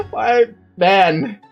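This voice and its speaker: A woman's voice: a little high, dull audio. A woman giving casual game commentary, laughing often and exclaiming as she plays. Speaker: let's play gamer.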